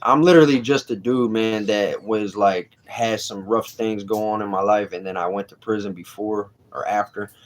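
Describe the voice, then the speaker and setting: Low-voiced man chatting on a livestream. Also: normal speed, few pauses. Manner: blunt, streetwise, reads chat aloud. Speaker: livestream host. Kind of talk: casual livestream chat.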